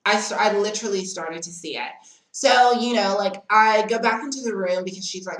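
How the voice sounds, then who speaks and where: A woman's voice: mid-range voice, fairly quick, fairly bright tone, roomy sound, poor audio. A woman telling a dramatic storytime in casual chat, often calling the listener "girl". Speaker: storytime vlogger.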